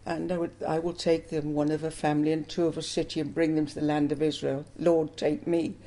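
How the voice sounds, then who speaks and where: Older woman with a gravelly voice. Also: low-pitched, fairly even intonation, fairly quick, hardly any pauses, mellow. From England. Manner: earnest, emotional storytelling. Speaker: interviewee. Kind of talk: personal testimony interview.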